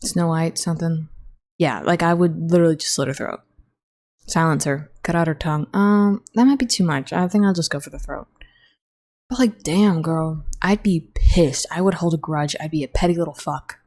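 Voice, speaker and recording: A young woman talks alone on her podcast in a casual, rambling way. Her voice sits a little low for a woman. She is blunt and swears often. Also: normal speed, a little mellow. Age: young adult. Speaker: podcast host. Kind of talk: casual solo podcast chat.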